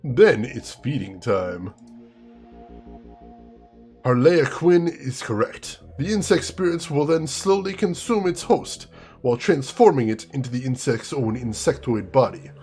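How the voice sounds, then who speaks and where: A man voicing a painted male elf who explains things in an arch, lively way. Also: medium pitch, measured pace, faint music behind.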